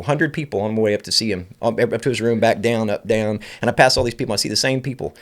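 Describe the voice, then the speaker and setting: Fast-talking, angry, profane man. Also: medium pitch. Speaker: podcast host. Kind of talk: uncensored podcast rant.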